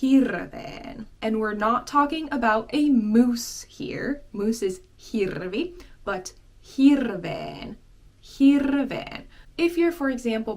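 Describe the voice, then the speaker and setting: Slow, patient woman teaching a language. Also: on the high side. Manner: slow, repeats words many times for learners. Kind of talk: relaxed spoken language lesson.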